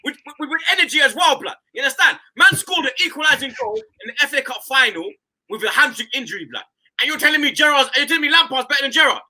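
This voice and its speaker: A man in heated football banter, his voice leaping high and bright as he jeers and repeats his taunts. He talks fast with a lively, swooping delivery. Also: low-quality recording. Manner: loud, teasing, repeats phrases like chants. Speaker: football fan pundit.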